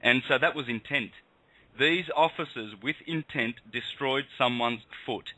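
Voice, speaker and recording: Male radio host, fired-up and insistent, bright forceful tone, dry close mic. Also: mid-range voice, a little slow, no echo, low-quality recording. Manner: impassioned, emphatic ranting. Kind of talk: heated call-in radio talk.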